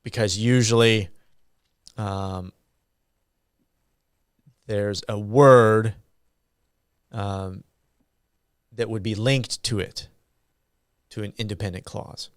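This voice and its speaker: A man giving a university grammar lecture, slow and halting with frequent ums and uhs. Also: on the low side, fairly even intonation, clear, resonant tone, no room sound, clean studio sound.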